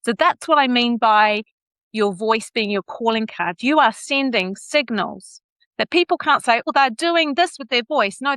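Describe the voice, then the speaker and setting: A middle-aged woman with a New Zealand accent, a communications coach speaking as a podcast guest and playing with her pitch and pace to show what a voice can do. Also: dry recording. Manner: animated, plays with pitch and pace to demonstrate. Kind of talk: podcast interview.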